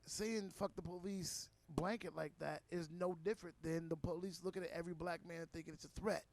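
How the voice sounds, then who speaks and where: A man's voice: fairly high pitch, brisk. A man co-hosting a podcast, telling a profane story and acting out what people said, in a casual chat. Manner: profane, animated, acts out quotes. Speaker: podcast co-host, comedian.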